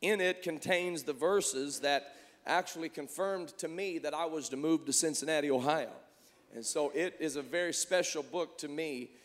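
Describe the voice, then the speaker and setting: A man's voice: a little high, moderate pace. A male pastor preaching a sermon with a fervent preacher's cadence, recorded in a church sanctuary on a pulpit microphone. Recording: echoey church hall.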